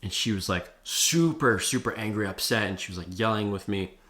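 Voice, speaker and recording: A young man talks straight to camera, giving advice in a loose, profane vlog style. He leans on "like" and "bro" as he talks. His voice sits a little low. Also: moderate pace, a bit bright. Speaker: vlogger. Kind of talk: casual talking-head advice.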